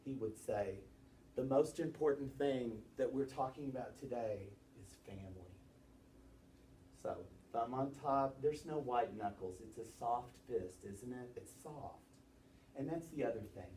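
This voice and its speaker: Male teacher, animated classroom lecture, distant mic, roomy. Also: mid-range voice, slight background noise. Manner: lively, quizzing students with quick questions. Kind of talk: classroom lesson on presentation gestures.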